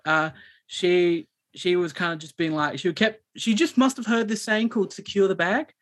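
A man, co-hosting a podcast and telling a story in a rambling, animated way with many restarts. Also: sits high, moderate pace. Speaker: podcast co-host. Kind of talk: casual chat, storytelling.

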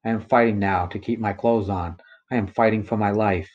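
A man reading his own first-person account aloud in a measured, somber way. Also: lowish voice, steady tone, dull audio. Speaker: narrator of his own story.

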